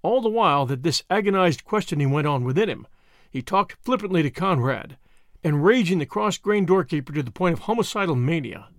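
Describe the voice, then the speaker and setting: A man narrating a novel as an audiobook reader, measured and expressive. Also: fairly high pitch, no echo, studio quality. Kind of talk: scripted narration.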